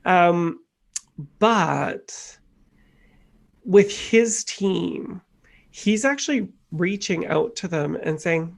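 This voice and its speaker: A man's voice: high-pitched, extremely slow, creaky, long pauses. A middle-aged man co-hosting a life coaching podcast, telling stories earnestly in casual chat. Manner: earnest, animated storytelling with acted quotes.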